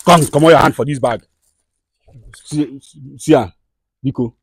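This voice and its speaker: A man with a Nigerian accent who hosts a comedy skit, scolding and soothing people in fast, direct talk. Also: medium pitch, slightly rough, no room sound. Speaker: skit host and mediator.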